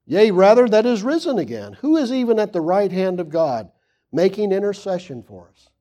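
A man preaching a sermon, reading scripture aloud and asking the congregation questions, swinging from loud emphasis to hushed asides. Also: high-pitched, big pitch swings, normal speed.

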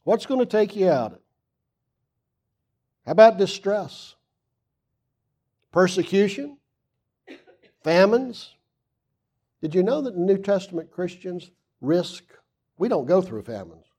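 A man preaching a sermon, reading scripture aloud and asking the congregation questions, swinging from loud emphasis to hushed asides. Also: high voice, sing-song, slow, pauses often, husky.

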